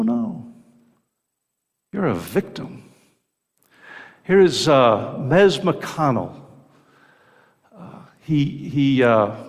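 A man preaching a sermon, reading scripture aloud between stretches of plain teaching with filler pauses. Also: medium pitch, long reverb tail.

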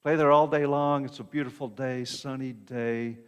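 A man's voice: medium pitch, fairly even intonation, normal speed, clean tone. A man preaching a sermon in a conversational way, often checking in with the congregation and repeating words as he goes. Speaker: pastor. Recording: long reverb of a hall.

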